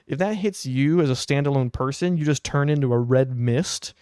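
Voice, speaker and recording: Smooth-voiced young man telling a wry story. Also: medium pitch, moderate pace, no echo, clean studio sound. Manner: animated, wry storytelling with quoted asides. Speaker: podcast host. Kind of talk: casual anecdote telling.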